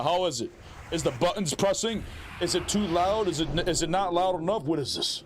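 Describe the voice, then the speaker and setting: A man chatting casually with his live-stream audience, animated and loud, often shouting catchphrases. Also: fairly high pitch, normal speed, slight background noise.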